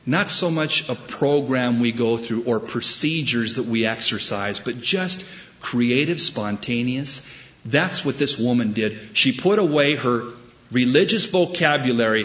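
A man preaching a sermon, telling a story with wry humor and deliberate emphasis. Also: medium pitch, lively intonation, a bit bright, muffled recording. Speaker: pastor.

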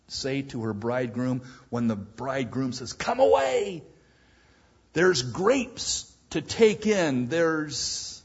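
A man preaching a sermon in an animated way, acting out back-and-forth dialogue between God and a reluctant believer. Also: a little high, breathy edge, lo-fi sound.

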